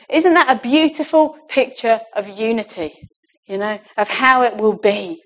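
A woman's voice: a little high, measured pace. A woman preaching a sermon in an earnest, emphatic way, with laughs and asides.

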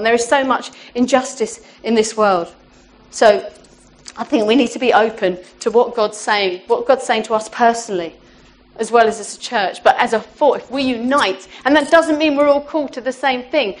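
A woman gives an informal, heartfelt sermon to her church. Her voice sits a little high, and she talks in a conversational way, often saying "you know" and restarting her sentences. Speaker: church speaker.

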